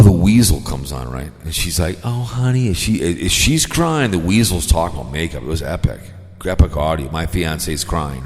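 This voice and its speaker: Deep-voiced man rambling scornfully. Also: long reverb tail. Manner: rambling, scornful, peppered with "right?". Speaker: podcast host. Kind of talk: rambling casual monologue.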